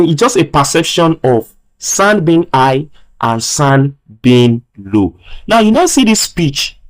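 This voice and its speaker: A male physics teacher giving a recorded video lecture. He talks slowly and emphatically, repeats key phrases, and often asks rhetorical "what?" questions. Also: on the high side, rough recording. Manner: slow, emphatic stress on key words.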